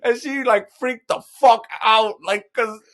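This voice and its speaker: A young man, a podcast host, telling a comic story in casual chat, swearing freely and loudly acting out the people in it. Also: very high-pitched, a little slow. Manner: animated, swearing, voices people in stories loudly.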